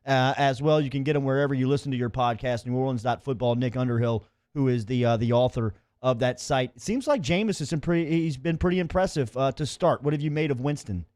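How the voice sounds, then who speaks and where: A man's voice: medium pitch, fast talker, a little mellow, dry recording. Upbeat male radio host, dry studio sound. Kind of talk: radio hosting with sponsor reads.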